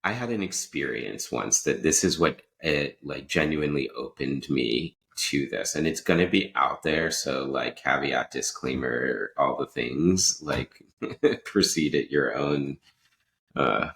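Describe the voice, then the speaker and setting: Very deep-voiced man, rambling storyteller. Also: measured pace, gravelly, a bit bright, a little hiss or hum. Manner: rambling, self-interrupting, laughs mid-sentence. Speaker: podcast host. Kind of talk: casual conversational storytelling.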